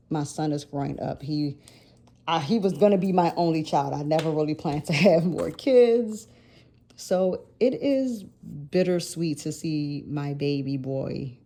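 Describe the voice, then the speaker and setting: A woman's voice: sits low, mellow. A woman in her thirties chatting casually in a planner vlog, rambling and self-correcting as she works, laughing often. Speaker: planner vlogger.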